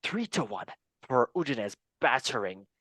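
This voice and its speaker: A man's voice: mid-range voice, sing-song, normal speed, a bit bright, no room sound. A man doing a comedic impression of a goofy, self-promoting male movie star, clowning around. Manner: clowning, repeating a catchphrase-like self-introduction.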